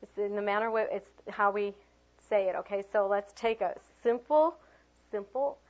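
A woman leading a teaching workshop, animated and chatty, swinging her voice high and low to demonstrate tone and prompting the group with lots of fillers. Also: normal speed. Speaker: teacher trainer. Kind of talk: classroom workshop talk. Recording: dull lo-fi room recording.

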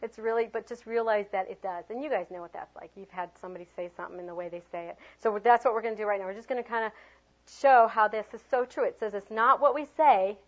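A woman leading a teaching workshop, animated and chatty, swinging her voice high and low to demonstrate tone and prompting the group with lots of fillers. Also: fast. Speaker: teacher trainer. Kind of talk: classroom workshop talk. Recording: dull lo-fi room recording.

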